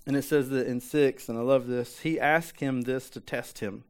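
A man's voice: mid-range voice, fairly even intonation, moderate pace, clean tone. Male pastor, casual conversational sermon, repeats for emphasis, fires off rhetorical questions.

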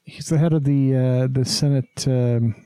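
A man's voice: mid-range voice, fairly even intonation, measured pace, mellow, smooth, no echo. A man hosting a podcast in casual chat, blunt and rambling, swearing freely. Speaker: podcast host.

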